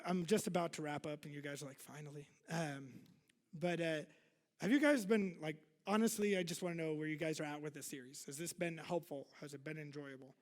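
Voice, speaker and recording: Speaking to his congregation in a church hall with a big-room sound, this pastor has a voice pitched a little high. His sermon is relaxed and talkative, poking fun at himself and wandering into asides and fillers.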